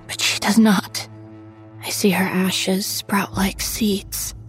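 Slow, hushed woman narrating horror. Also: medium pitch, low-quality recording. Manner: slow and hushed, often dropping to a whisper.

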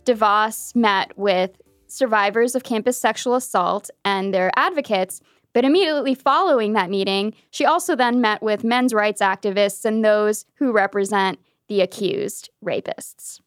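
A woman with a mid-range voice co-hosts a political podcast. She explains stories briskly, with wry asides. Her voice is close and dry. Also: medium pitch, dry recording, faint music behind. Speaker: podcast co-host and reporter. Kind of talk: casual political chat.

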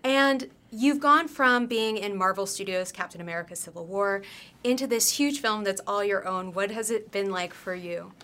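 A woman's voice: medium pitch, normal speed, bright, forceful tone. A woman hosting an entertainment press interview, enthusiastic and bubbly. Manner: enthusiastic and bubbly, laughs often. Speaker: host.

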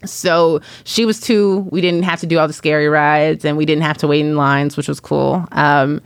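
Woman in her 30s, low voice, animated storyteller with dry studio sound, casual podcast chat. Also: normal speed, no room sound. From Chicago. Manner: animated, self-mocking storyteller. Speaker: podcast guest.

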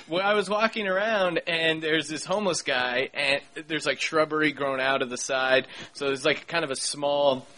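A man from Pennsylvania hosting a podcast, telling stories in an animated way and laughing often. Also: a little high, normal speed, few pauses, slight background noise. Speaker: podcast host. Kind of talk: casual chat.

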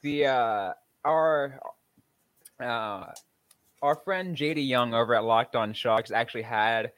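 A man co-hosting a podcast in casual chat, easygoing and amused, often pausing with fillers. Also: mid-range voice, a bit bright. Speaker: podcast co-host.

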